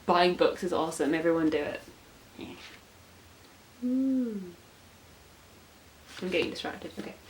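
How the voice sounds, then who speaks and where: A woman's voice: on the low side, lively intonation, a little slow, pauses often, low-quality recording. A 19-year-old woman chatting casually as a book vlogger, gushing and self-mocking, with lots of filler words. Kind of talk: casual chat. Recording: faint hiss.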